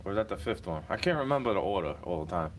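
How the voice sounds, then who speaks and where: A young man in a car rants in a casual, rambling monologue, agitated and profane and rapid-fire. His low voice is animated, and the background is noisy.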